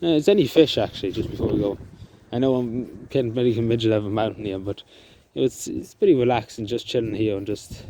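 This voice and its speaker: A man talking to camera outdoors in the countryside, halting and emotional, with many fillers and restarts. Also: on the low side. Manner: soft-spoken and emotional. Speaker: vlogger. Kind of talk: emotional outdoor vlog talk. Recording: outdoor noise in the background.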